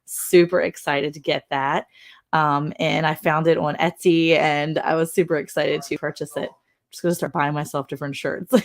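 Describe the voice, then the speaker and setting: A woman's voice: sits low, level tone, normal speed. Chatty woman hosting a live chat. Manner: chatty, laughs often, reads out viewer messages. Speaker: co-host of a livestream. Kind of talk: casual live chat reading comments.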